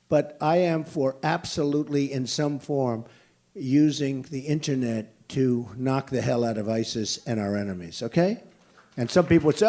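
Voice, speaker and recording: A man's voice: medium pitch, normal speed, dark tone. An older man from the United States answering questions at a campaign rally, blunt and emphatic, repeating his points. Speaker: presidential candidate at a rally. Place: large indoor venue.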